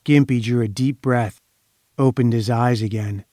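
A man reading a crime story aloud in measured, dramatic audiobook narration. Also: medium pitch, fairly even intonation, dark tone, no echo, studio quality.

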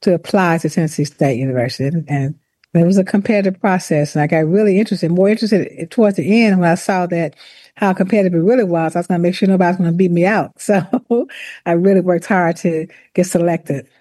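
A woman recounts her career in a measured, deliberate way, often pausing and restarting. Her voice is warm and mellow. The recording is close and dry, with no room sound. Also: fairly low pitch, no room sound. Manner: deliberate, reflective, with restarts and laughs. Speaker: former university president, author. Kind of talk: interview, personal account.

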